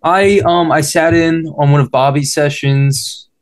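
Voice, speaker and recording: A man's voice: fairly high pitch, steady tone, measured pace. Eager, accommodating young man. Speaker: podcast engineer. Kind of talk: casual chat.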